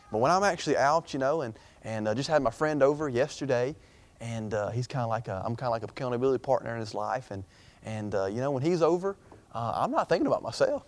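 A young man preaching an informal sermon in a chatty, rambling way, full of fillers and restarts. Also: mid-range voice.

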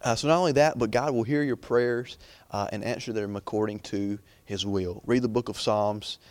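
A man's voice: on the low side, fairly even intonation, normal speed, darkish tone, no room sound. Casual young male preacher, dry sound. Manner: conversational, rambling, many fillers and restarts. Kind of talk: informal sermon.

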